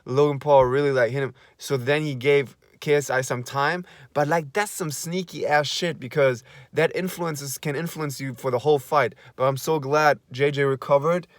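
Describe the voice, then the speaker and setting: Excitable young man gushing. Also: a little high, normal speed, few pauses, no room sound, studio quality. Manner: excitable, gushing, repeats himself, swears. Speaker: vlogger. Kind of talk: excited casual recap.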